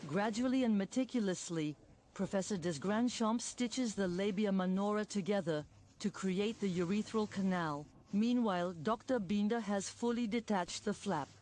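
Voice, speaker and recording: A woman's voice: mid-range voice, normal speed. A woman reading a scripted documentary voice-over that describes an operation step by step. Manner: steady, descriptive narration. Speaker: documentary narrator.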